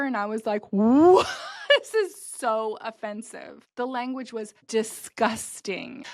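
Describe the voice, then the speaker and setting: A woman's voice: fairly high pitch, no echo, clean studio sound. A woman hosting her own podcast, talking bluntly and swearing freely about her business. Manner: blunt, profane and fired up. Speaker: podcast host and business owner. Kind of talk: casual podcast monologue.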